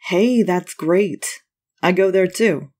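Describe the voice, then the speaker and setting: An easygoing, curious teenage boy surfer chats in a low, relaxed tone, as a woman reader puts him on. He sounds friendly and unhurried, like a character in a spoken short story.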